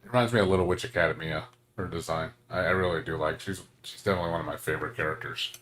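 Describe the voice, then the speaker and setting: A man's voice: low-pitched, fairly even intonation, rapid-fire, fairly bright tone. A man chatting casually while streaming a game, ranting and swearing with lots of fillers.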